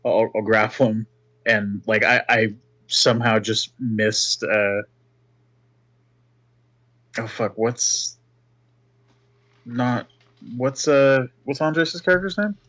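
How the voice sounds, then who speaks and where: Man, tabletop player, casual, swears, stumbling restarts, mid-pitched. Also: slow pace, long pauses, fairly bright tone. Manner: laid-back, joking, swears, stumbles on words.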